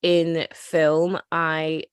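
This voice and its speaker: A woman hosting a casual film discussion, chatty and quick to act out scenes from the story. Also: sits low, completely flat delivery, clean tone, no echo, studio quality. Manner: chatty, recounts scenes with quoted voices. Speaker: podcast host.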